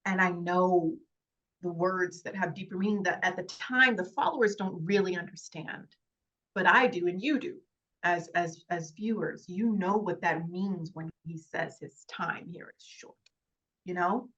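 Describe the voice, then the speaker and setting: A woman, an actress, talking in an interview in a heartfelt, halting way with many fillers and restarts. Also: fairly low pitch, fairly bright tone, lo-fi sound. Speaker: actress guest. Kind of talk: casual interview chat.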